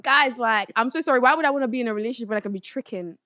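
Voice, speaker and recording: A woman's voice: fairly high pitch, very fast, pushed and bright, dry recording. A young woman hosting a podcast, telling a story bluntly and animatedly, swearing freely. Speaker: podcast host. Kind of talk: casual chat, storytelling.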